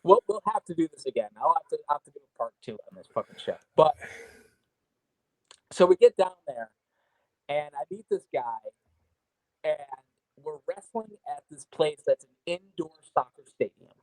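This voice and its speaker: Guest man, rambling profane storyteller, slightly higher voice, dry remote-call sound. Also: lively intonation, normal speed, pauses often, dry recording, rough recording. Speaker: guest wrestler. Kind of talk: casual storytelling. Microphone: remote call mic with audio trouble.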